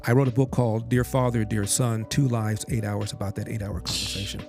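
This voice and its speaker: An older man, his voice low, level, a little mellow and touched with vocal fry, briskly tells a family story during a podcast interview. He voices his father's lines in direct speech while music runs underneath.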